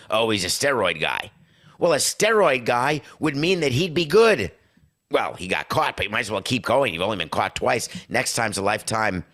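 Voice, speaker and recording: Brash man with a bright, punchy voice. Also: deep voice. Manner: emphatic, sarcastic, punchy lists. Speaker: podcast host. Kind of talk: opinionated sports commentary.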